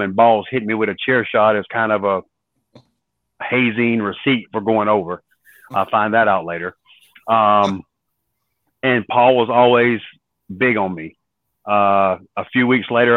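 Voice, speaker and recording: A man and former wrestler, a podcast guest, telling lively stories and acting out what others said. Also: lowish voice, no echo. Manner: animated storyteller acting out quoted voices. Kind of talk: storytelling in an interview. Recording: dry tinny phone-like line.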